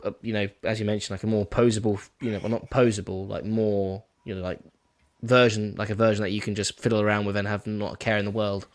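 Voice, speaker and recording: A man's voice: on the low side, level tone, fast. A young man, a guest on a live stream, chatting casually and rambling with many fillers. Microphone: headset or desk mic on a video call.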